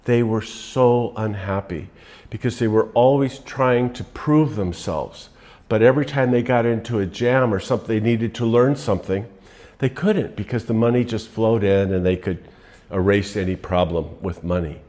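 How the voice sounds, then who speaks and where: A man giving a relaxed, rambling motivational talk, telling stories to make his points. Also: on the low side, moderate pace. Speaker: motivational speaker.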